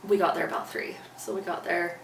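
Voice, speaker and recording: A woman with a fairly low voice and flat delivery talks a little fast as an interview guest, earnestly retelling a personal story by acting out her past lines. The mic is distant, the room roomy, and faint background noise is audible.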